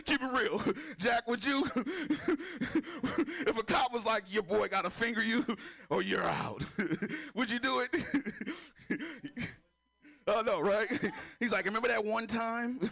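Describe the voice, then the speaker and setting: A man's voice: high-pitched, measured pace, creaky. A man doing a crude stand-up routine on a comedy club stage, laughing at his own jokes as he tells stories. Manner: crude, laughing, animated storytelling.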